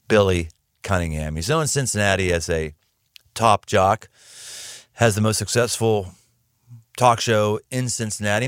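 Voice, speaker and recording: A man hosting an interview, introducing his guest in an earnest, deliberate way. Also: on the low side, no echo, studio quality. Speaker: podcast host. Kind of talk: casual interview.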